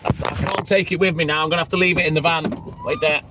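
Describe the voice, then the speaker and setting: A man's voice: on the high side, fairly even intonation, quick pace. A man chatting on a phone live stream from his van, jokey and self-mocking. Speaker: milkman livestreaming. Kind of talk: casual live-stream chat. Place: work van by a street. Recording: traffic noise outdoors.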